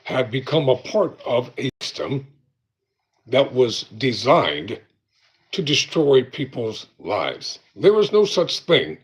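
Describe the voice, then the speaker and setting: A man hosting his own show, talking in a slow, deliberate, preaching style with pauses. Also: mid-range voice. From United States. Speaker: show host. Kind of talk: monologue commentary.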